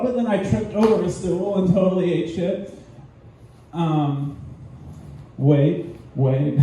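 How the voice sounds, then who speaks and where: On a small indoor comedy stage, a young man with a mellow, fairly high voice rambles through an open-mic routine, mocking himself and giggling along the way. The mic sits far away in an echoey room with faint background noise.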